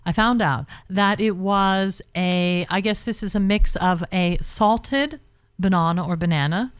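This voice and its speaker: A woman speaking as a radio guest in a chatty, self-mocking way, with plenty of stumbles and restarts. Her voice sits at an ordinary middle pitch. The studio sound is dry and close. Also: a little slow, clear, resonant tone, no echo. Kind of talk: casual radio chat.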